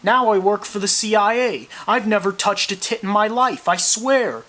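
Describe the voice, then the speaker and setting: A man doing a mocking impression of a smug, weepy male late-night host, delivered mock-sincere and deadpan. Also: high-pitched, moderate pace.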